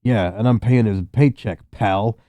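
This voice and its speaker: A man's voice: fairly low pitch, a little slow, warm tone, dry recording, natural voice. A man voicing a big, mean-looking orc bouncer who talks down to people. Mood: gruff. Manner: curt, patronizing.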